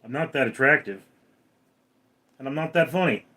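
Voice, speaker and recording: A man's voice: mid-range voice, animated, moderate pace, bright, forceful tone. A man hosting a casual live stream, reading viewers' comments aloud and answering them in a dry, self-deprecating way.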